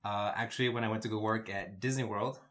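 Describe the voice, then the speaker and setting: A male podcast guest tells his story plainly and matter-of-factly. His voice sits a bit low. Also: steady tone, fast, fairly bright tone. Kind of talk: casual chat.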